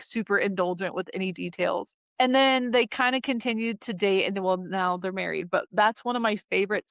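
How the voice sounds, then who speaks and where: Clean studio sound without echo captures a woman in her thirties, a daughter guesting on a podcast, chatting and telling stories full of fillers and quoted voices. Her voice is mid-range and a bit bright.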